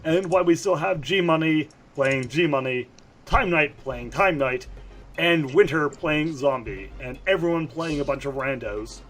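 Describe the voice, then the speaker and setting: A hoarse man hosting a read-aloud role-play session, chatting loosely. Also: on the high side, a little slow, a bit bright. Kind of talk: casual chat.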